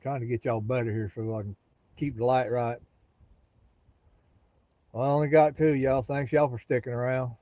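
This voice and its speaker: Man, Southern drawl, middle-aged, mellow low-key tone, dry dull lo-fi phone audio, relaxed live-stream chat. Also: normal speed, pauses often, dry recording. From Gulf Coast of Florida. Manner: relaxed, folksy, talks straight to viewers. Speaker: livestream host. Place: outdoors near a pasture.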